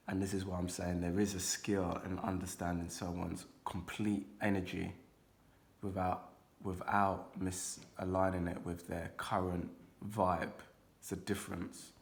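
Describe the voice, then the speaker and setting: A man's voice: low-pitched, level tone, measured pace. A young man giving a casual, rambling card reading to his viewers, talking loosely and swearing now and then. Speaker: intuitive card reader.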